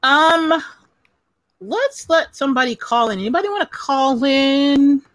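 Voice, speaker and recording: A woman's voice: sits high, animated, a little slow, fairly bright tone, no echo. A woman from Southern California hosting a live call-in chat show, chatty and profane, often laughing. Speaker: podcast host taking calls.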